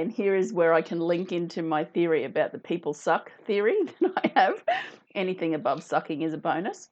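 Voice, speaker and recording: A woman's voice: on the low side, big pitch swings, moderate pace, a little mellow, dull audio. A woman hosting a casual talk, chatting to viewers and reading out their comments. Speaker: host.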